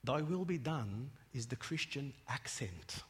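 A man preaching a sermon in church, emphatic and swelling to loud peaks, often restarting his words. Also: mid-range voice, lively intonation, measured pace, slightly rough. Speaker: pastor. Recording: long hall reverb.

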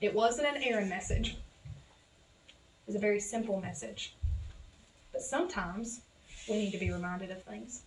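A woman's voice: mid-range voice, unhurried, pauses often, a little hiss or hum. A woman with a Southern accent preaching a sermon, talking casually to her congregation and building to fervent exhortation. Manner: conversational, addresses congregation as y'all. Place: church sanctuary. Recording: echoey church hall from a distance with music.

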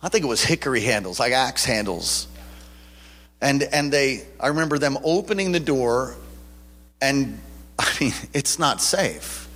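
A man's voice: mid-range voice, a bit bright. A man preaching a sermon with personal testimony. His conversational storytelling swells into fervent preaching. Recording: long reverb of a large hall.

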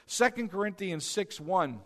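A man's voice: sits high, expressive, a little slow, a bit bright. A man preaching a sermon as pastor, exhorting the congregation, repeating key lines and asking them questions. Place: church sanctuary. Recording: long hall reverb.

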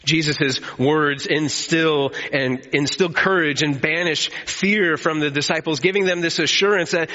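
A man preaching a sermon as pastor, telling the story with animated energy and calling on the congregation to respond. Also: fairly high pitch, unhurried, hardly any pauses. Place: church hall. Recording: echoey hall, slightly dull.

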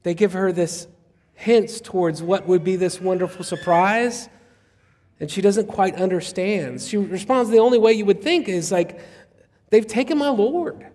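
A man's voice: high voice, normal speed, darkish tone. A male pastor preaching a sermon in a conversational, reflective way. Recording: long reverb.

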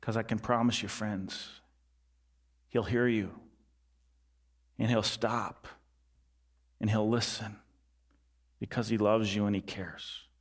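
A male pastor preaching a sermon earnestly, repeating key lines and dropping his voice soft and low for emphasis. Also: flat delivery, slow pace, long pauses.

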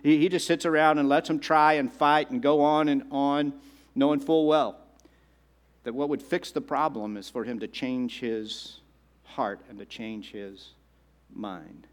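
A male pastor delivering a sermon, repeating phrases and slowing down for emphasis. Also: mid-range voice, steady tone. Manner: repetitive and dramatic, slowing down for emphasis.

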